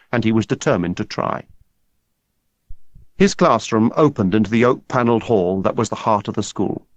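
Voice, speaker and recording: A man narrating an audiobook in a measured, steady storytelling manner. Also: on the low side, no echo. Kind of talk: scripted narration. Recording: dull lo-fi dry recording.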